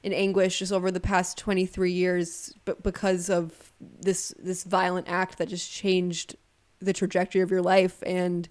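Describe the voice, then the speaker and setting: A woman's voice: lowish voice, monotone, normal speed, a little mellow. A woman co-hosting a podcast, speaking encouragingly and affirming her guest in an interview. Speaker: podcast co-host.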